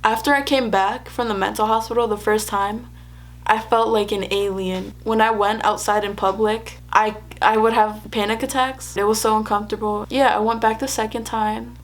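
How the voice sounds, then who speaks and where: A young woman with a mid-range voice and a steady tone vlogs at normal speed. Talking casually to the camera, she tells a personal story, laughs often, and acts out what people said.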